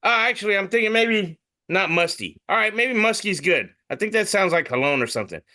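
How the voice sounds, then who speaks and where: A man's voice: high voice, animated, brisk, pushed and bright. A man co-hosting a casual comedy podcast, reading memes aloud and joking, swearing freely.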